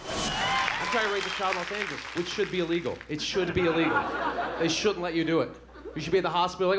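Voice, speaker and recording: A man in his thirties doing stand-up with a dry, deadpan delivery. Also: high voice, quick pace, a loud crowd. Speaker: stand-up comedian. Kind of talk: stand-up routine. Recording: live club with loud audience and noise.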